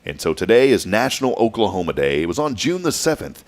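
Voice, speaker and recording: Upbeat morning show guy, talks fast, low voice, bouncy pitch, jokes around. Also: big pitch swings. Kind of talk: casual on-air chat.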